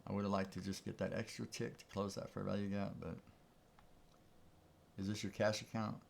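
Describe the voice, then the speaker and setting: A man's voice: on the low side, level tone, moderate pace, gravelly, a little mellow, slight background noise. A man giving casual live-stream commentary on his trades, thinking aloud in an easygoing way. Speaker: trading streamer.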